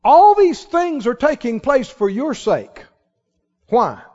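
A man preaching in a high, animated voice that leaps up and plunges down as he drives his points home. He keeps calling on the congregation to answer back. The recording is somewhat dull and carries the long reverb of a big sanctuary. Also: slow. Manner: emphatic preaching, calls for audience response. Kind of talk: sermon. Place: church sanctuary. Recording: dull sound in a large reverberant hall.

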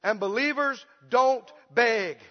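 A man preaching a sermon with passion, dropping into a soft pleading whimper to mimic beggars and rising to bold declarations. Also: very high-pitched, slow pace. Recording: dull sound with long hall reverb.

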